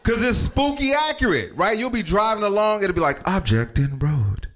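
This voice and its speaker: Loose, animated male stand-up comic. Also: high voice, fairly quick. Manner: loose, profane, talks straight to the crowd. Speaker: stand-up comedian. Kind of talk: stand-up set.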